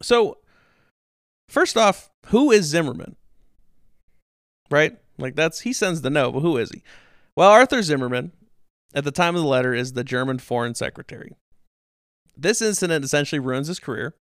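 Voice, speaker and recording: Male podcast host, casual storyteller; smooth, resonant voice with a lively, swinging pitch; dry, close sound. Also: normal speed, long pauses, dry recording. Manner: animated, swears, acts out quotes in silly voices.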